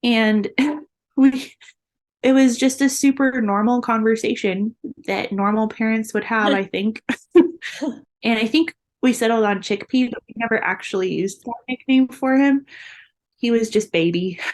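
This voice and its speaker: A woman's voice: a little high, measured pace. A young adult woman, a guest in an interview, earnestly telling a personal story and laughing often between the hard moments.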